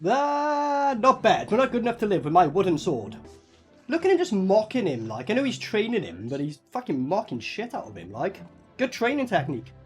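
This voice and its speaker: A man doing a casual movie reaction, excitable and swearing freely as he comments. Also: sits high, moderate pace, soft background music. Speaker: movie reviewer.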